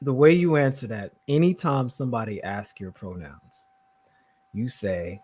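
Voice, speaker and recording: A man's voice: mid-range voice, measured pace, a little mellow, slight background noise. A man co-hosting a casual chat, tossing in wry jokes and comebacks. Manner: joking, wry interjections.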